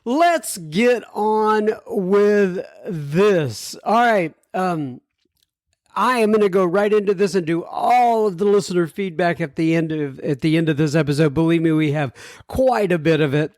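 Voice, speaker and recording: A man's voice: sits high, expressive, measured pace, no echo, clean studio sound. A man hosting a recovery podcast, talking in a chatty, rambling way with chuckles and asides. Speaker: podcast host. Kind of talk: casual podcast intro.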